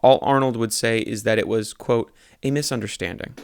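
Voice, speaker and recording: A young man reading his own satirical newspaper articles aloud in a deadpan voice, stopping to correct his slips and swearing at them. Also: medium pitch, brisk, creaky, smooth, dry recording. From Texas. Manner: self-correcting reader who swears at his own mistakes.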